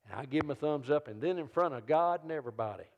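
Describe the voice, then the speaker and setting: A man, an evangelist and comedian telling funny stories in a sermon and jumping into loud high voices when he quotes people. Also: animated, quick pace. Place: church service. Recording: long reverb of a church hall.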